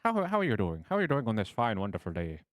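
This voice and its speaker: A man voicing a cheerful male weapon vendor in an exaggerated mock-Irish lilt, loud and bouncy. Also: lowish voice, huge pitch swings, normal speed, no echo, clean studio sound. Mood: chirpy. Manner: over-the-top stage-Irish phrasing, loud and bouncy.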